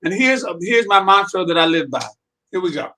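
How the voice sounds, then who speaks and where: Excited guy hosting a chat show, high bright voice, swings up and down a lot. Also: normal speed, slight background noise. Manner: excitable, bursts into loud exclamations. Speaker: host. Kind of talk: casual chat.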